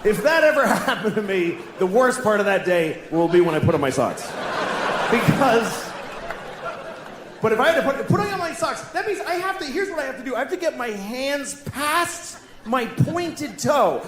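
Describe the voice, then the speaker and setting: This middle-aged comedian has a very high voice at normal speed, with crowd noise around him. Blunt, crude and self-deprecating, he animatedly acts out scenes with put-on voices on a large theater stage for a live audience, and the hall echoes with audience sounds.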